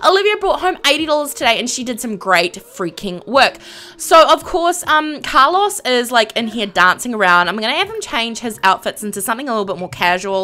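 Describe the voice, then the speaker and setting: A woman's voice: fairly high pitch, sing-song, a little fast, sharp tone. A young woman streamer casually narrating a life-sim game, bubbly and giggly, with many fillers.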